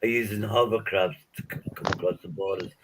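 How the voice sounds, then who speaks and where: A man's voice: low voice, fairly even intonation, a little fast, slight background noise, rough recording. A man in a casual group chat, rambling through jokes and wild hypotheticals with plenty of swearing.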